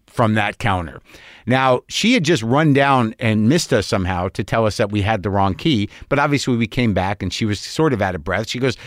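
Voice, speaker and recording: A man's voice: medium pitch, dry recording, clean studio sound. An older man hosting a podcast, telling a rambling story with wry exasperation and acting out both sides of the conversation. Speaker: podcast host. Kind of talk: storytelling monologue.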